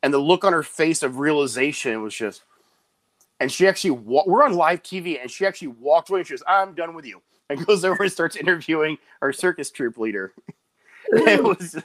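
The guest, a clown performer, keeps the casual interview lively with his storytelling, putting on quick, high voices for anyone he quotes. The sound is free of room sound.

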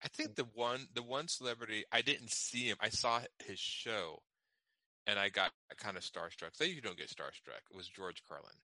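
A man with a low voice and a very bright, sharp edge to his tone talks in an easy, reflective way. The sound is close and dry. He chats like he is among old friends. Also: normal speed, dry recording, poor audio. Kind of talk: casual chat.

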